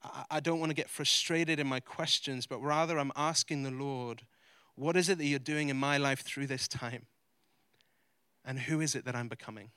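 An earnest male pastor preaching into a mic, his voice bright and crisp. He swings between loud, emphatic declarations and quiet, halting confession. The sound is close and dry. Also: mid-range voice, steady tone, dry recording. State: close to tears. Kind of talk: sermon. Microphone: handheld or stage mic.

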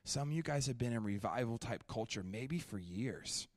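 A young man preaching a sermon at a church, shifting from animated, joking storytelling to quiet, prayerful ministry. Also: medium pitch, normal speed, no room sound, clean studio sound. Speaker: guest preacher.

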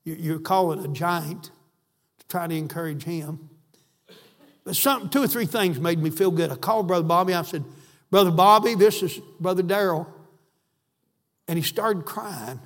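A man's voice: fairly high pitch, animated, normal speed. A man preaching a sermon, fervent and emphatic, repeating phrases for stress. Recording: echoey hall.

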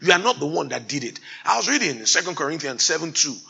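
Preacher, male, bright tense tone, builds to forceful emphatic sermon delivery. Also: fairly high pitch, sing-song, fast talker, creaky, breathy edge, poor audio. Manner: rising to loud emphatic exhortation, mimics timid believers.

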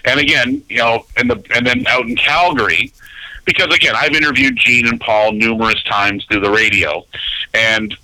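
Radio guy in his 50s telling stories, lively, does the voices, dry close mic. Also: mid-range voice, moderate pace, dry recording, rough recording. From Canada. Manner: animated storyteller who acts out quoted voices. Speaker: radio announcer and guest. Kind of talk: casual storytelling interview.

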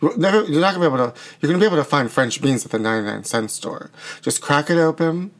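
A man's voice: on the high side, animated, fast. Campy, sassy man riffing. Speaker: podcast co-host. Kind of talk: casual comedic chat.

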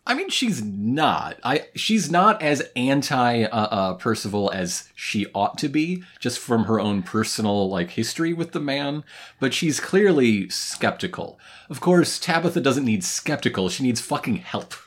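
A woman's voice: rumbling low, very animated, unhurried, breathy edge. A woman co-hosting a casual recap chat, wry and profane, laughing often. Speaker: podcast co-host.

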